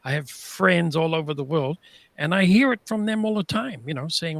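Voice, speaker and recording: A man's voice: a little high, normal speed, no echo. A man hosting a casual interview, asking questions and chatting at length with many fillers. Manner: chatty, full of fillers and restarts. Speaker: host.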